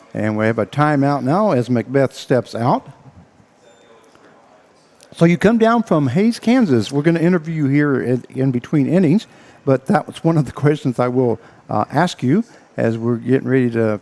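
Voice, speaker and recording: A man calling a local baseball game as play-by-play announcer, out of breath and talking in halting bursts full of uhs. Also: medium pitch, a little mellow. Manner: halting, filler-heavy play-by-play with frequent uhs. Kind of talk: baseball radio commentary.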